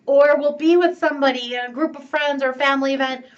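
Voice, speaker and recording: A woman giving a relationship coaching talk, upbeat and animated, laughing and acting out what friends and family say. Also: sits high, quick pace, distant mic, dull audio. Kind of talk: teaching talk to camera.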